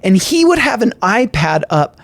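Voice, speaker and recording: A man's voice: high-pitched, big pitch swings, normal speed, gravelly, no echo. A man hosting a local podcast, chatting casually, telling stories and often affirming his guest. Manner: chatty, frequent affirmations, storytelling. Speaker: podcast host.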